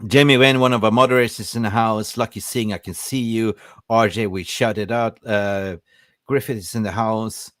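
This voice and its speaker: A man's voice: on the low side, steady tone, moderate pace, a bit bright, no echo, studio quality. A man hosting a live fan podcast, reading out and greeting viewers from the chat with energy. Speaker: podcast host.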